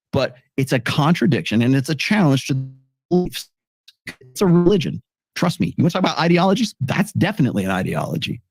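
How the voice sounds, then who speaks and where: A man gives argumentative video commentary in an earnest voice of middling pitch, laying out his case point by point. His voice sounds dry and close to the mic. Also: breathy edge, no echo.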